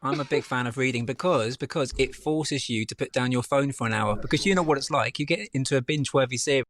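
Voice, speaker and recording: A man's voice: medium pitch, quick pace, fairly bright tone, dry recording. A man co-presenting a TV review show, chatting enthusiastically and giving strong opinions. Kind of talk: casual chat.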